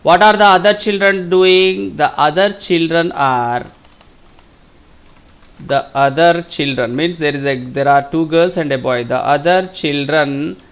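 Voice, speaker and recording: Indian man teaching slowly, repeating himself. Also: on the high side, a bit bright, clean tone. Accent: Telugu. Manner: slow, repeats questions and answers. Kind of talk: classroom lesson.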